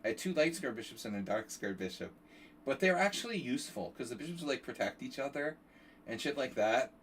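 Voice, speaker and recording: A man talking through a chess game on a stream in a loose, rambling way, with casual swearing. His voice sits a little back from the mic, with a faint hiss behind him. His pitch is average for a man. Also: lively intonation, a little fast, recorded from a distance. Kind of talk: casual live-stream commentary.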